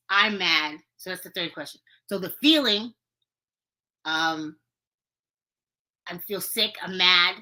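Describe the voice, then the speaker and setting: Earnest woman host, bright forward tone, casual motivational talk straight to viewers. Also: on the low side, lively intonation, slow pace, long pauses, poor audio. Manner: earnest, coaching, repeats herself for emphasis. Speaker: podcast host. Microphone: streaming video to viewers.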